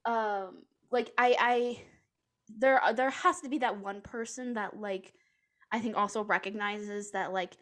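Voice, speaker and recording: A woman's voice: medium pitch, steady tone, measured pace, a bit bright. A woman co-hosting a book podcast, talking in a loose, rambling way full of fillers. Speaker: podcast co-host. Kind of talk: casual chat.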